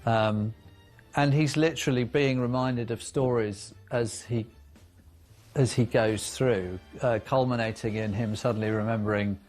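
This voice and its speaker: A man's voice: medium pitch, steady tone, a little slow, a little mellow, soft background music. A man in a documentary interview, setting up a story with hesitations. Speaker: documentary commentator.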